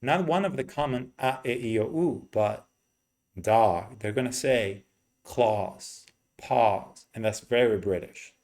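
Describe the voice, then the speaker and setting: In an unhurried English pronunciation lesson, a man with a slightly dark, middle-pitched voice explains slowly. He keeps pausing his explanations to say the vowel sounds aloud over and over.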